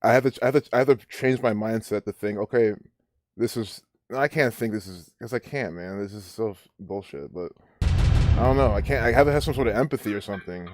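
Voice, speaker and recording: A man's voice: on the low side, fairly quick, darkish tone, no room sound. A man hosting a live stream, ranting and rambling with many restarts as he comments. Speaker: livestream host.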